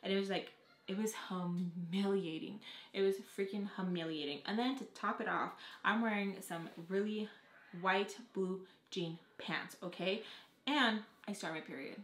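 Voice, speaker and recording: A young adult woman telling a storytime vlog, talking fast and casually, with plenty of "like" and frequent swearing. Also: medium pitch, a bit bright. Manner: fast casual talk, heavy on "like", swears freely. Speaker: vlogger. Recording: echoey room.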